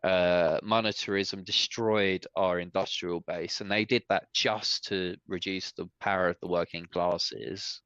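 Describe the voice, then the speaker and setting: A man hosting a podcast, his voice fairly low and a touch dull in tone. He rants in an opinionated, animated way. The room around him sounds dry. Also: measured pace, hardly any pauses, no echo. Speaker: podcast host. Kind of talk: casual podcast chat.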